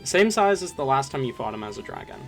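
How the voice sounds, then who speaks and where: A man narrating as game master in a tabletop game, unhurried with many ums and uhs. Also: mid-range voice, very animated, faint music behind.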